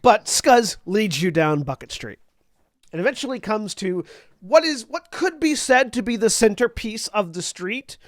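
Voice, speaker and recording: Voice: mid-range voice, animated, measured pace, no echo, clean studio sound. A game master narrating a tabletop scene in a wry, descriptive way.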